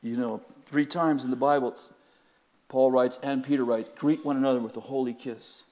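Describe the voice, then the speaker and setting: A middle-aged male pastor preaching a sermon, emphatic, swinging between loud urgent passages and quiet asides, and speaking straight to his congregation. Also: mid-range voice, steady tone, moderate pace. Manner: addresses the congregation directly.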